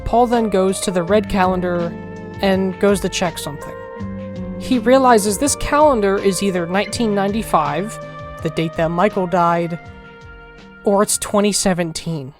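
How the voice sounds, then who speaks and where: A woman's voice: mid-range voice, moderate pace. A woman narrating a game commentary, thinking aloud, emotional and swearing freely. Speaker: video essayist. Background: faint music.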